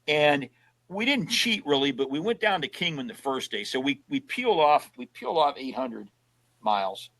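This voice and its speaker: A man's voice: a little high, normal speed, poor audio. A man in his seventies telling road trip stories in a casual chat, acting out the voices of people he quotes. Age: 70s. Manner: animated storyteller who acts out quoted dialogue. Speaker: podcast guest. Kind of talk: casual storytelling.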